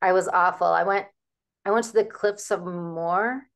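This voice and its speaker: A woman's voice: fairly low pitch, fairly even intonation, normal speed. A woman interviewing a guest in casual chat, playful and friendly.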